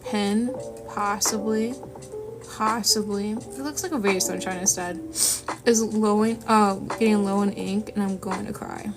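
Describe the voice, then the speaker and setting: A woman chatting casually and rambling to viewers while she draws, sniffly from a runny nose. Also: medium pitch. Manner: chatty, rambling, self-deprecating asides. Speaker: art streamer. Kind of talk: casual chat while drawing. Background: lofi music.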